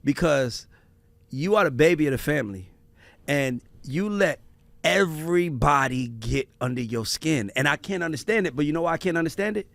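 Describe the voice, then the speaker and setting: A man hosting a casual family conversation, telling stories in an animated, profane way. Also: on the high side, normal speed, creaky, dry recording. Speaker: podcast host.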